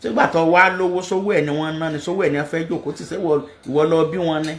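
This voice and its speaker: Man, moral admonition, proverbs, preachy, rapid delivery, higher pitch. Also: fairly even intonation, vocal fry.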